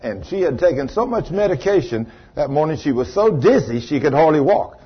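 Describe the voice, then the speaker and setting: Folksy preacher man, husky voice. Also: a little high, a little fast. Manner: folksy, animated, acts out quoted voices. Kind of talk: sermon testimony storytelling. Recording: dull lo-fi sermon recording.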